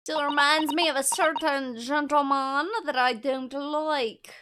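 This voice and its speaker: A woman's voice: high voice, unhurried, hardly any pauses, heavy background noise. A woman playing through a story game, chatting casually and reading every part aloud herself. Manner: lively, reads all parts herself. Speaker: video game let's player.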